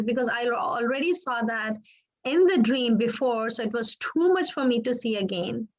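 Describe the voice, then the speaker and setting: A woman sharing a personal testimony as an interview guest, earnest and halting, often restarting her words. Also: on the high side, lo-fi sound. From Pakistan.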